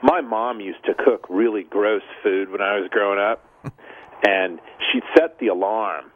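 A male caller phoning in to a radio show, his voice on the low side. He talks casually and laughs through his words as he tells his story. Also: measured pace, narrow, tinny audio. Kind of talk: phone-in story.

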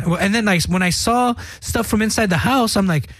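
A man's voice: sits high, brisk, hardly any pauses, a bit bright, dry recording. A young man co-hosting a casual podcast, telling a story in a rambling, heavily profane way. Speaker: podcast co-host. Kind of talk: casual chat.

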